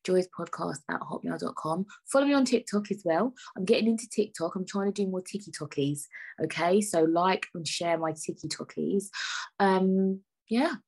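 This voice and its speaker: A young woman hosts her own podcast, speaking in a lowish, husky voice. She talks frankly and with open exasperation. She swears freely and keeps circling back with casual fillers. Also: a little mellow. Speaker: podcast host. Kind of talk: solo podcast rant.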